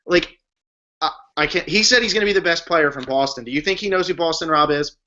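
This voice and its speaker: Bright, animated young man from New Jersey. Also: a little high, fast talker. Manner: animated, emphatic, slangy. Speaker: podcast co-host. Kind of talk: casual chat. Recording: dull lo-fi recording.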